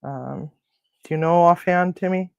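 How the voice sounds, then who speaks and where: Cooking-stream host, unhurried and chatty, mutters to themself mid-task, dry close sound. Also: mid-range voice, vocal fry, no echo, dull audio. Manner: chatty, mutters and grumbles to self while cooking. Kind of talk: casual live cooking chat. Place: home kitchen.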